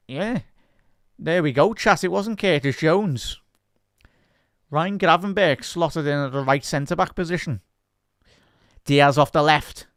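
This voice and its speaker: Brief: male fan-host, live watch-along, chatty and excitable, resonant voice in a dead, close space. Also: a little high, clean tone, no echo. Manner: excitable, chatty fan commentary, talks to the chat. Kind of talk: live match commentary and chat with viewers.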